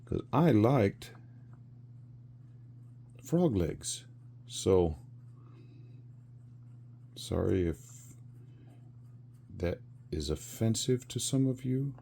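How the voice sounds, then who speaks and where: A man's voice: sits low, creaky, warm tone, slight background noise. A man in his sixties telling a rambling story with chuckles and fillers while he works on a craft. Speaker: resin crafter.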